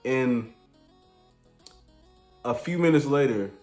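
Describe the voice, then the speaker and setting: A man spins a crude comedy storytime in a relaxed, slang-heavy, rambling voice of ordinary pitch. His voice rings around an echoey room, with faint music playing underneath. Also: takes it slowly. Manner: laid-back, slangy, rambling delivery.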